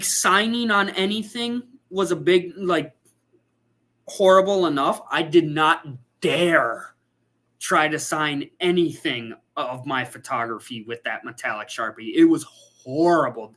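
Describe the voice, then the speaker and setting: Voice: medium pitch, a little slow, fairly bright tone. A photographer hosting a casual livestream, chatting and reading out viewer comments.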